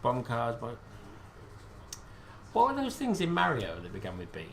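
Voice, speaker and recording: A man's voice: mid-range voice, huge pitch swings, normal speed, a little hiss or hum. A British man hosting a casual live quiz stream, rambling and joking at his own expense. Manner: rambling, self-deprecating, joking. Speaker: quiz host.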